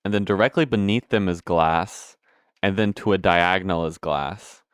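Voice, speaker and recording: A man's voice: deep voice, moderate pace, clean tone, no echo, clean studio sound. A young man giving casual, rambling gameplay commentary, hiccuping now and then, correcting himself and swearing offhand. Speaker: gameplay video host.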